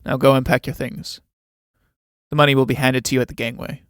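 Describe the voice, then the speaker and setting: A man's voice: mid-range voice, flat delivery, smooth, dry recording, clean studio sound, close to an everyday voice. Man playing a domineering old captain. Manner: measured, commanding, condescending. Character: older military captain, domineering and cold.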